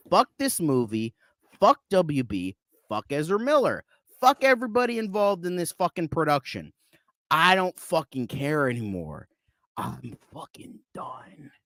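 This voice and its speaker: A man's voice: high voice, fairly bright tone, no room sound. Man in a furious, profane rant. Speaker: movie reviewer. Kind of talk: live online panel talk.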